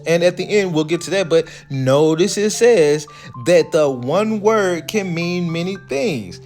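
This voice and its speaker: A man hosting a commentary video, reading quoted passages slowly and then breaking into loose, casual remarks. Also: high voice, animated, a little mellow, soft background music. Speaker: video host.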